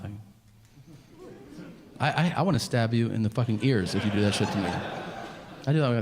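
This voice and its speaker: A man in his forties doing a profane, deadpan stand-up routine and acting out his exchanges with strangers. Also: fairly low pitch, quick pace, long pauses. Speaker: stand-up comedian. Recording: live stage mic over crowd laughter. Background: audience laughter.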